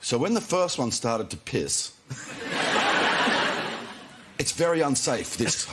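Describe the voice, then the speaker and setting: A man guest on a TV talk show, telling relaxed anecdotes with lots of "you know" and chuckles. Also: mid-range voice, very slow, background noise. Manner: laid-back storyteller, chuckling, full of you-knows. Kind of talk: casual chat, anecdotes. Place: TV studio with audience.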